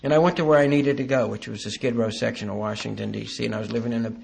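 A man giving a halting, earnest personal testimony at a recovery meeting, with dry self-deprecating humor. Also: medium pitch, steady tone, gravelly, a little mellow, slightly rough.

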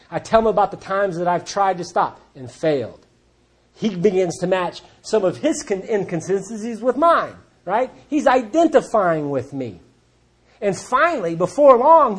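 A man's voice: high-pitched, husky. A man speaking to a recovery group, telling stories in a plainspoken, folksy and blunt way. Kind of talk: storytelling talk to a recovery group.

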